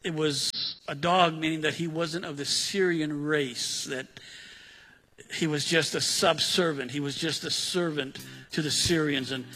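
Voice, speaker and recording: A male pastor giving an expository sermon in a conversational, animated style with asides to the congregation. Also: fairly high pitch, unhurried, slightly rough, in a large hall, soft background music.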